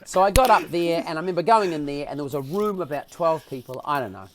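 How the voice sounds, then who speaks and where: Animated New man telling stories. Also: a little high, fast talker. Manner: comic, self-mocking, acts out quotes. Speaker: podcast guest. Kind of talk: animated personal storytelling.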